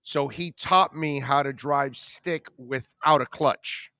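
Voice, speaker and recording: A man hosting a talk radio show, telling a rambling, animated personal story in casual conversation. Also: mid-range voice, takes it slowly, no echo.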